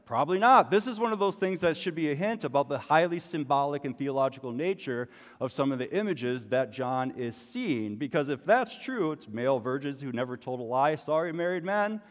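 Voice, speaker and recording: A man's voice: a little high, animated, brisk. Male pastor, conversational sermon delivery, rhetorical questions, long hall reverb.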